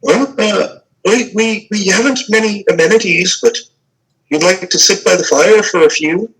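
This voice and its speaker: A man's voice: sits high, moderate pace, a bit bright, husky, distant mic, pitched above the performer's own voice, low-quality recording. A man voicing a shy, polite village woman who stammers. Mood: hospitable.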